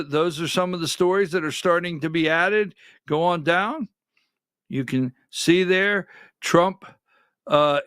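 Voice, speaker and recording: A man's voice: high voice, fairly bright tone, clear, resonant tone, dry recording, studio quality. A man hosting a conservative political talk show, giving sarcastic, emphatic commentary and calling directions to his producer.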